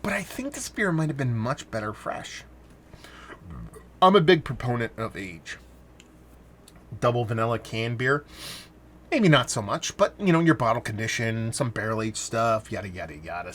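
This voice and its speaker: A man's voice: lowish voice, animated, normal speed, fairly bright tone, a little hiss or hum. A man talking casually into a standalone mic, reviewing a beer in a rambling way, stopping and restarting his sentences and swearing now and then.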